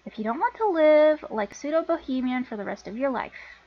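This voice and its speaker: A woman's voice: high voice, lively intonation, a little fast, muffled recording. A woman voicing an angry, bossy older sister in her twenties who scolds and lectures her younger sibling. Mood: scolding.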